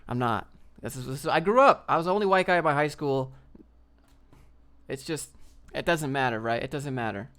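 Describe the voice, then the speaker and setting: A man's voice: mid-range voice, a little fast, fairly bright tone. A young man hosting a casual livestream, ranting in a brash, slangy way and reading out viewer comments. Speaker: livestream host.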